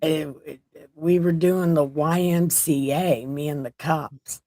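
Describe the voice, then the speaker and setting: A woman in her forties with a lowish voice, recorded close and dry with no room sound. She talks slowly and easily, with dry, self-mocking humor. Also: fairly even intonation, mellow, no room sound. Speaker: adult daughter. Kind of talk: casual chat.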